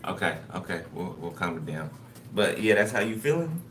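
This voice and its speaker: A man's voice: sits low, sing-song, moderate pace, fairly bright tone. A man giving a casual spoken tarot reading, loose and conversational, who keeps checking in with his listeners. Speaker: tarot card reader. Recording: noisy recording.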